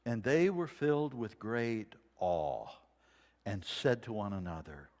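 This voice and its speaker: A man preaching a sermon, reading scripture dramatically and dropping to a hush for quoted lines. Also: fairly low pitch, expressive, slow. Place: church sanctuary. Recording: long reverb of a church sanctuary.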